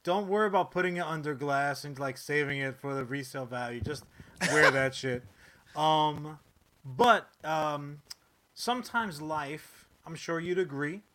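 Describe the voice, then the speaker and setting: A man co-hosting a podcast, chatting in a laid-back way and hyping up sponsor reads loudly. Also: on the high side, unhurried, slight background noise. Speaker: podcast co-host. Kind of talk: casual chat and sponsor reads.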